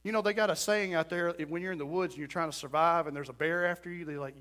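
High bright-voiced male pastor preaching. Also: fairly even intonation, fast talker. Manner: storytelling sermon with acted-out quotes and rising emphasis. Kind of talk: sermon. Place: church.

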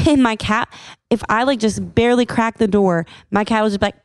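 A woman telling a church testimony in a casual, animated way, acting out the people she quotes. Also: fairly high pitch, fairly quick, clean tone, no room sound, studio quality. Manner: animated, acts out quoted voices.

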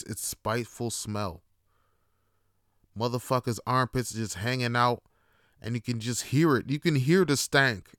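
A man's voice: medium pitch, a bit bright, clean tone, no echo, studio quality. A man telling a comedic, profane rant in a casual, filler-heavy way. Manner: profane, casual, many "you know" fillers. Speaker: podcast host.

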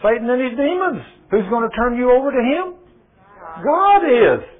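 A man's voice: very high-pitched, big pitch swings, normal speed. A man preaching a sermon, firing rhetorical questions at his listeners and retelling scripture with quoted dialogue. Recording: tinny phone-like radio broadcast.

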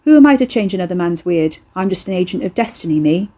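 A woman's voice: fairly low pitch, expressive, quick pace, dark tone. A woman doing a cocky monster lad. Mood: rambling. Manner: breezy, slangy, boastful. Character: cocky young male eldritch horror, casually murderous.

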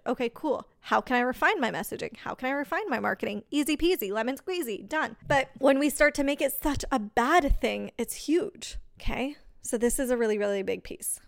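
A woman's voice: a little high, vocal fry, dry recording, studio quality. Upbeat woman coaching with rhetorical questions. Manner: energetic, repetitive rhetorical questions. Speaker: podcast host and business mentor. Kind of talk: motivational coaching talk.

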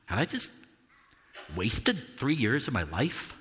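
A man performing a first-person monologue as the Apostle Peter, earnest and confessional, halting over repeated words. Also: mid-range voice, sing-song, fairly bright tone, slightly rough, in a large hall, heavily acted. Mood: despondent. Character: Apostle Peter, a remorseful fisherman recounting his denial. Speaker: dramatic monologue performer at a church service. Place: church sanctuary.

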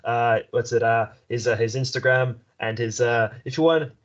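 Joking podcast host, slightly dull recording. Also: male voice, mid-range voice, flat delivery, moderate pace. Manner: joking, swears casually, laughs often. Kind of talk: casual podcast chat.

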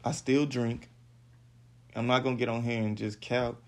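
A man telling a personal story on his podcast, halting and repeating words. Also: medium pitch, little pitch movement, a little mellow. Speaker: podcast host.

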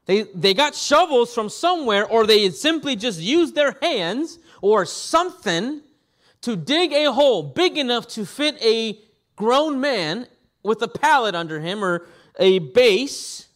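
A man preaching a sermon as pastor, animated and acting out scenes with quick voice changes. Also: extremely high pitch.

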